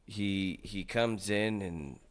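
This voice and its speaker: Deep-voiced man rambling in casual chat. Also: a bit bright. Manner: rambling and profane, with many restarts.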